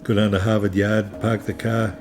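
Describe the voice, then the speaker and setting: A man's voice: on the low side, little pitch movement, moderate pace, over music, close to an everyday voice. A man putting on an exaggerated Boston accent to play a joking local guy. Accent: put-on Boston.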